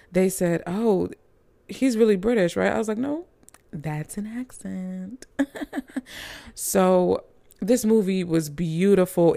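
A woman's voice: on the low side, creaky, warm tone, dry recording. A woman reviewing movies in a casual, chatty, gushing manner with playful asides.

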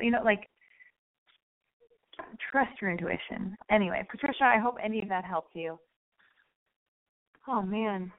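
A woman's voice: medium pitch, moderate pace, long pauses. A young adult woman hosts a late-night call-in radio show. She rambles between blunt, profane advice and personal stories. Her voice comes through a narrow, phone-like band. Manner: candid, rambling, frank and profane.

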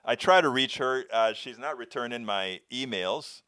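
A man with a foreign accent hosting a show, telling a story in earnest, halting commentary. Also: mid-range voice, expressive, bright, forceful tone, smooth, dry recording, clean studio sound. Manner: earnest, halting, many restarts. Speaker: show host answering viewer questions.

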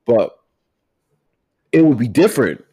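Animated man in casual chat. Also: mid-range voice, unhurried, husky. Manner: animated, emphatic, repeats himself.

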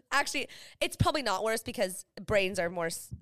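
A young woman co-hosting a podcast about motherhood, telling stories in an animated way and acting out what people said. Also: mid-range voice, moderate pace. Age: young adult. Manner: animated storytelling, acting out quoted dialogue. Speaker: podcast co-host. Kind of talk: casual chat.

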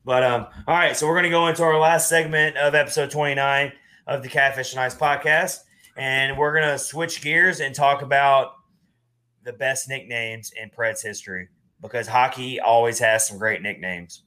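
Bright-voiced man hosting a podcast. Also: medium pitch, normal speed. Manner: animated, rambling with restarts. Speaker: podcast host. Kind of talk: casual chat.

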